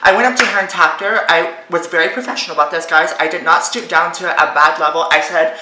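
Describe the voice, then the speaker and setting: A woman's voice: lowish voice, fast talker. A young woman vlogger from Texas telling a dramatic story to camera in a casual chat, acting out the quotes. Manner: animated, dramatic retelling with quoted voices. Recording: echoey room with music behind.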